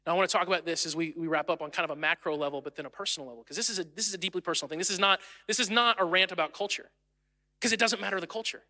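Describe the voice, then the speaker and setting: A male pastor delivers a sermon in a church sanctuary, rising to loud, emphatic peaks. His voice sits high and rings very bright and forceful. It carries a long reverb from the hall. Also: racing.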